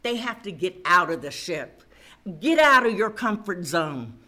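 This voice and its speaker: A woman preacher delivers a sermon, her bright, tense voice swooping widely in pitch. She takes her time with each phrase and keeps putting questions to the listeners. At moments she builds to fervent calls to press on. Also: sing-song, unhurried. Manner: preaching with rising fervor and call-and-response questions.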